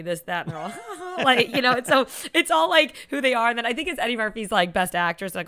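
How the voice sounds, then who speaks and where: A woman in casual conversation, retelling comedy sketches with quick acted quotes and frequent laughter. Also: on the high side, lively intonation, bright, forceful tone. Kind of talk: casual chat.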